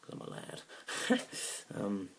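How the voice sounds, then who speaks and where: A young man telling a comic story about a bad date, awkward and rambling, now and then bursting into loud indignant rants. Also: slow, a little hiss or hum. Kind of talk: deadpan comic monologue.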